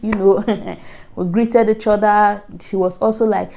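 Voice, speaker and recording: A woman's voice: mid-range voice, fairly even intonation, normal speed, creaky, warm tone. A young Nigerian woman telling a personal story in a casual vlog, chatty and laughing often, with many fillers. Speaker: vlogger.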